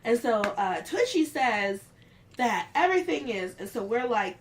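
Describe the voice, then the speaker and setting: A woman's voice: a little high, expressive. A woman casually telling a story from work, acting out what others said with raised voices. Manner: unhurried, acts out the quotes of others with raised voices.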